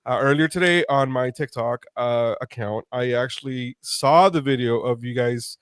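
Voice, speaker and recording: A man hosting an interview podcast, talking earnestly and haltingly with many restarts. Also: medium pitch, dry recording, clean studio sound. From United States. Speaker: podcast host. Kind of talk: conversational interview.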